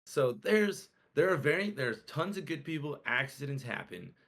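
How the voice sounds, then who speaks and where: A young man co-hosting a casual podcast, telling a story in an animated way and acting out the quotes with swearing. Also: on the high side, moderate pace. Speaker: podcast co-host.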